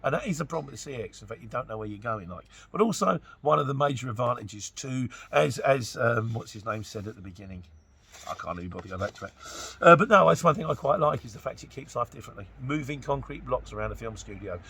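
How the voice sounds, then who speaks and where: A man's voice: medium pitch, lively intonation, fast talker, vocal fry, sharp tone, breathy edge. A middle-aged man from Luton with a Luton English accent, chatting casually through viewer questions on his vlog, joking, rambling into asides and mimicking the people he quotes. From Luton, England. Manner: chatty and jokey, rambling asides, mock-quoting others. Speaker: trucker vlogger answering viewer questions.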